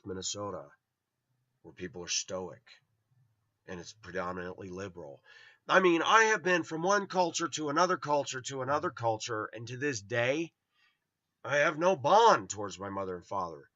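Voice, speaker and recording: A man's voice: fairly low pitch, expressive, moderate pace, pushed and bright, no room sound. A middle-aged man from Los Angeles telling personal stories in a blunt, rambling way. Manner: rambling, blunt, acts out quoted voices. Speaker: vlogger. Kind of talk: personal storytelling monologue. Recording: dull lo-fi dry sound.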